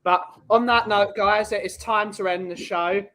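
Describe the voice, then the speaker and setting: A co-host on a livestream podcast who drops quick jokes into the casual banter. His voice sits high for a man. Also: fairly even intonation, a bit bright.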